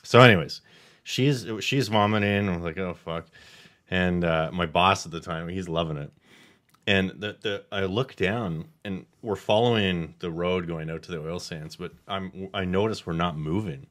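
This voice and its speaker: A man's voice: sits low, normal speed, a bit bright. A man telling a story in casual podcast chat, swearing freely and getting worked up. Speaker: podcast guest.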